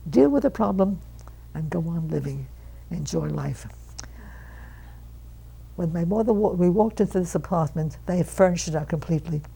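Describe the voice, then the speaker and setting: Interviewee, woman aged 100. Lively storyteller who performs her family's lines. Low, husky, creaky, mellow tone. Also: moderate pace, long pauses, poor audio. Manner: animated storyteller who acts out quoted relatives. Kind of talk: reminiscing storytelling.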